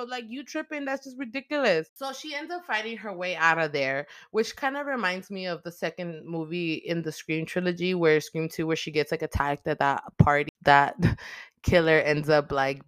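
Profane, animated woman recapping a movie. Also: on the low side, dry recording, studio quality. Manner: profane, animated, slangy storyteller. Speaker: host.

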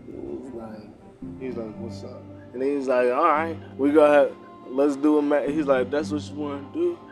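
A man's voice: medium pitch, steady tone, measured pace, faint music behind. A young man recapping a wrestling show in loose, slangy, profanity-heavy casual talk. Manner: slangy, loose storytelling, frequent cursing.

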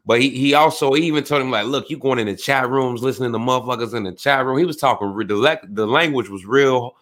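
A man hosting a show in casual chat, telling animated stories in heavy slang. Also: medium pitch, fast.

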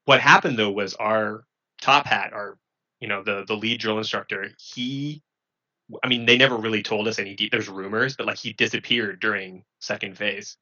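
A man casually recounting a story in halting bursts, full of fillers and restarts. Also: fairly low pitch, fairly even intonation, pushed and bright, dull audio. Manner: halting, filler-heavy, self-correcting. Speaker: former Marine recruit.

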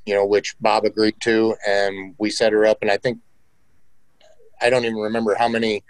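Lowish voice guy chatting about work, plain and practical, dry close sound. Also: flat delivery, fairly quick, no echo, rough recording. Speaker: real estate agent guest. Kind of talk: casual conversation.

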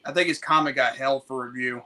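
A man hosting a podcast in casual chat, lively and quick to laugh while steering the talk to the next topic. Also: mid-range voice. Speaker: podcast host.

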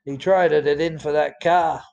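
A man voicing his gruff, curt father who swears and brushes him off. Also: fairly high pitch, steady tone, unhurried, a little mellow, lo-fi sound. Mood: flat. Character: gruff blunt older father, male.

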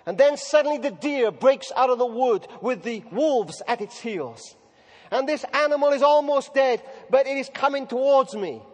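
A man preaching a sermon, telling stories dramatically and slowing down for emphasis. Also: very high-pitched, darkish tone. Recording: reverberant hall recording.

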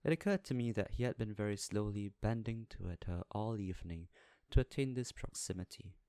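A low-voiced male audiobook narrator reads a classic novel in a measured, even, scripted delivery. The recording is dry and close, with no room sound around it.

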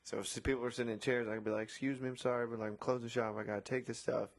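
Man telling a story in casual, animated chat. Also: mid-range voice, very fast. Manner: animated retelling, acting out both sides of arguments, frequent swearing. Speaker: beach umbrella and chair attendant.

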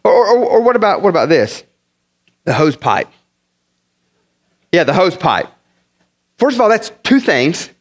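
Man preaching, pastor, from the northern US, fairly high voice, lively, funny stories, repeats himself. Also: measured pace, pauses often. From northern United States. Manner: animated, humorous storytelling with many repeated words. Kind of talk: sermon.

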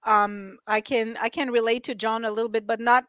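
A woman with a slight French-Canadian accent, chatting casually and telling animated stories, laughing often and acting out other people's voices. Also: fairly high pitch, brisk, no room sound. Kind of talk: casual chat.

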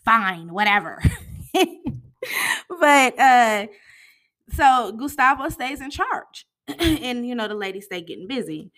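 A woman giving a casual, chatty recap of a TV episode, talking to her viewers in an animated way and often tossing in "you know" and "honey". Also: a little high, slow pace, long pauses. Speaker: TV show recap host.

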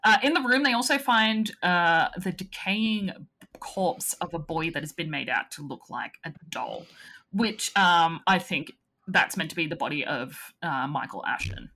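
Lively bright-voiced woman recapping a film. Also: fairly low pitch, a little slow. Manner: laughs often, swears casually. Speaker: podcast co-host. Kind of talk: casual chat recapping a horror film.

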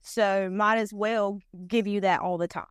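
A Southern-accented North Carolina woman talks casually and easily, scattering fillers through her chat. Her voice sits at a middle pitch. It is recorded close and dry, with no room sound. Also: steady tone, unhurried, smooth, no echo. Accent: Southern US, eastern North Carolina. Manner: chatty, down-to-earth, many fillers. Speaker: podcast guest, pageant titleholder. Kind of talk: casual conversation.

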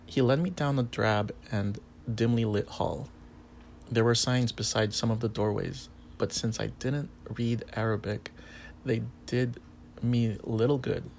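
A man narrating a first-person erotic story in a calm, even way. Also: mid-range voice, a little slow, creaky, a little hiss or hum.

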